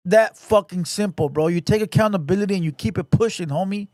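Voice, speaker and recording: High-voiced man ranting profanely. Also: brisk, a little mellow, no room sound, studio quality. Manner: profane, confrontational, repeats 'bro'. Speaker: channel host. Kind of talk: ranting commentary.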